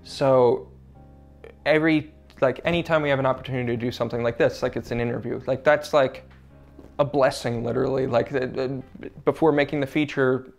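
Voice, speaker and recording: A man's voice: mid-range voice, steady tone, fairly quick, creaky, faint music behind. Earnest young man, emotional filmmaker guest. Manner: earnest, gets emotional, many fillers. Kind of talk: casual interview chat.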